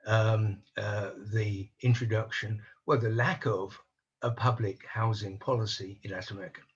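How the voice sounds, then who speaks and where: An older man speaking on a conference panel over a video call, measured and analytical, voicing doubts in a deliberate way. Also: medium pitch, slightly rough, muffled recording. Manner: measured, analytical, openly skeptical. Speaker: panel speaker on housing policy. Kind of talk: online conference talk.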